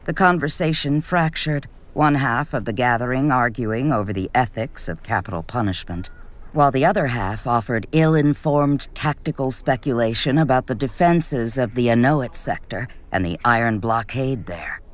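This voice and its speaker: A man reading a novel aloud in measured scripted narration, lifting his voice for quoted characters. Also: mid-range voice. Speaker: audiobook narrator.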